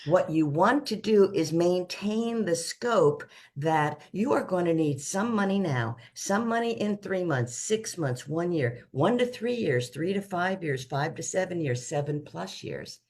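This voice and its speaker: A woman's voice: on the low side, expressive, a little slow, few pauses, a little mellow. Woman financial advisor, chatty explainer who leans on folksy analogies and restarts her sentences. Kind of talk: casual conversational explanation.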